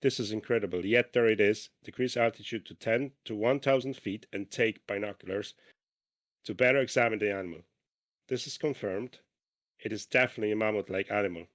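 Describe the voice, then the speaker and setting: A man with a lowish voice reads an old flight log aloud for a podcast, stumbling over words and restarting lines. He keeps breaking off to chat about what he just read, in a loose, casual way. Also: fairly quick, fairly bright tone. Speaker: podcast co-host.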